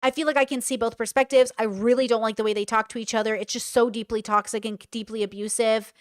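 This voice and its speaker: A young woman streaming her reactions for chat, her voice sitting high. She talks bluntly and animatedly and swears freely. The delivery stays casual and unscripted. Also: steady tone, quick pace, clean tone. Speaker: commentary streamer. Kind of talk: live stream reaction commentary.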